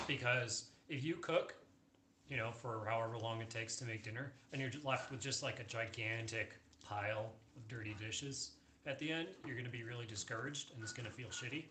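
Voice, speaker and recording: A man co-hosting a casual cooking livestream in a small home kitchen, relaxed and jokey as he talks. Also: medium pitch, fairly quick. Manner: jokey, laid-back. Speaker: cooking co-host. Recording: roomy kitchen with background noise.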